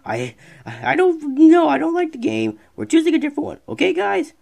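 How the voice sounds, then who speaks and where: A streamer giving casual let's-play commentary, excitable and rambling, talking back to the game. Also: high voice, fairly quick, gravelly. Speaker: gameplay streamer.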